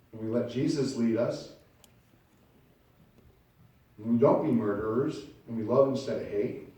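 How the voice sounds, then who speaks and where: A pastor with a medium-pitched, dark-toned voice preaches a sermon in a church sanctuary, acting out little scenes as he tells stories. The recording is very echoey, with him far from the mic.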